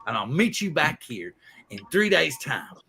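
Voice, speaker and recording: A man quoting a boastful little boy in a joke, in his own gravelly voice. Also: a little high, big pitch swings, measured pace, pushed and bright, slight background noise, exaggerated voice. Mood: bragging.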